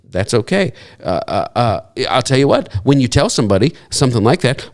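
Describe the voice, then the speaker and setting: A man preaching a sermon as pastor, talking in a conversational, humorous way and jumping up in pitch to act out what people might say. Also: a little fast, gravelly, few pauses. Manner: animated, jumps into high-pitched acted quotes; conversational, self-deprecating humor.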